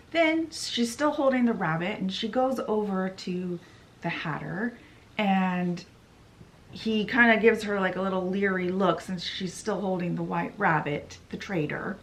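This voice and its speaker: A young adult woman giving a chatty, animated recap of a novel on her vlog. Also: medium pitch, unhurried, low-quality recording. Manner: chatty, animated retelling with quoted voices. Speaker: book vlogger. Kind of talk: casual story recap.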